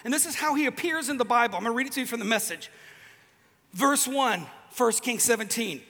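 Male preacher, very high and bright, loose joking delivery, reverberant venue. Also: a little fast. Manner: casual, joking storyteller with restarts. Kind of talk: sermon. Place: large event venue with a band.

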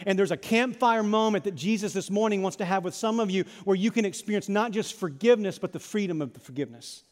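A man with a notably high voice delivers a sermon as pastor. His delivery is dramatic, rising to loud emphasis and dropping to near-hushed intensity. A long hall reverb trails every phrase, as in a large sanctuary. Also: quick pace, few pauses.

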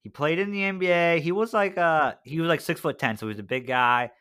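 A man's voice: fairly high pitch, a little fast, bright, forceful tone, smooth. A man co-hosting a casual podcast, telling a story in a chatty way, full of "like" and "right?". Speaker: podcast co-host.

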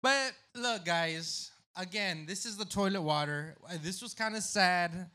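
A man co-hosting a casual podcast, his voice sitting a little high. He talks loudly and swears freely, and he lurches between rowdy jokes and candid admissions. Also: measured pace. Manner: loud, swearing, jumps between joking and confessional. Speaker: podcast co-host.

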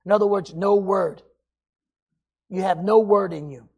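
A preacher delivering an emphatic sermon, swinging between loud exhortation and hushed, quiet passages. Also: medium pitch, measured pace, long pauses, husky.

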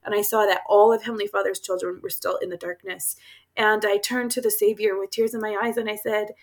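A woman's voice: mid-range voice, level tone, a little fast. A woman guest on an interview show, telling personal stories in an earnest, casual way, with many fillers and laughs. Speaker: guest author.

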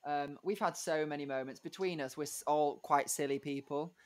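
A man's voice: fairly high pitch, normal speed, a little mellow. A young man, a musical theatre performer chatting casually in an interview, rambling and giggly with lots of fillers.

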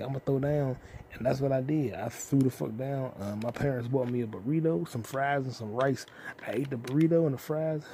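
Profane rambling young man, mellow voice. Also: medium pitch, slight background noise. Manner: profane, rambling, with sudden loud animated outbursts. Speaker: podcast host. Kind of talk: solo casual podcast rant.

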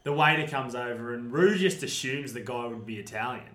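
A young Australian man telling casual stories, animated and laughing at his own yarns. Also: medium pitch, brisk. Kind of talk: casual storytelling. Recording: echoey room.

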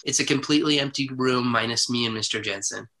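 Guy guest on a podcast telling his story with lots of energy, really bright voice. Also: medium pitch, fast talker. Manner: animated, vivid retelling with acted quotes. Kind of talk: personal storytelling.

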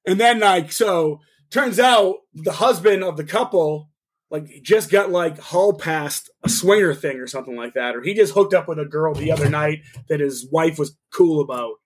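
This podcast co-host is a young man with a slightly rough, somewhat high voice and a moderate pace. Chatting casually and profanely, he tells an animated story and performs the quotes of the people in it.

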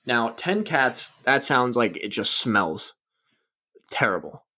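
A man's voice: medium pitch, big pitch swings, takes it slowly, sharp tone. Young male podcast host, casual and loose, swears freely, pokes fun at himself. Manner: rambling, profane, self-mocking. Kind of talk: casual solo podcast chat.

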